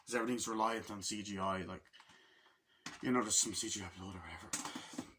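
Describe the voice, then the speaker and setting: A man giving a casual movie review, excitable and very profane, acting out the scenes he describes. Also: on the low side, fairly quick, background noise. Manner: excitable and heavily profane, acts out scenes in loud impressions.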